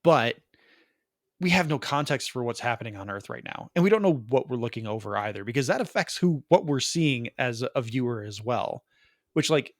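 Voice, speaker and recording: Podcast co-host, male, mid-pitch, chatty rambling reviewer, dead-dry booth sound. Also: dry recording. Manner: rambling, quick asides, laughs at his own jokes. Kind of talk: casual movie review chat.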